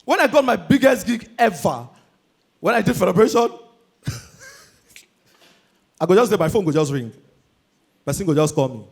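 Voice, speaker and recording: A young Nigerian man doing a high-energy stand-up comedy routine on stage, shouting his punchlines and slipping into Pidgin. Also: expressive, unhurried, creaky, pauses often, slightly rough. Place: live comedy stage before an audience.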